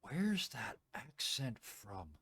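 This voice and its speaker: A man voicing a respected middle-aged working man with a quiet, dry, understated manner. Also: mid-range voice, big pitch swings, slow, husky, dry recording, exaggerated voice. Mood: wry.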